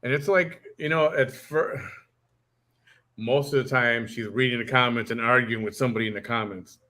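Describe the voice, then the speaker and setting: A man with a mid-pitched voice talks in a casual commentary style. He reacts to a clip with dry, sarcastic asides. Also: normal speed, bright, forceful tone.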